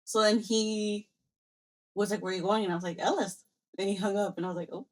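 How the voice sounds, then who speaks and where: A young woman co-hosting a podcast, telling a personal story in a casual, animated way and acting out both sides of past conversations. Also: mid-range voice, quick pace. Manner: animated storyteller, acts out quoted exchanges, mixes in Spanish phrases. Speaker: podcast co-host.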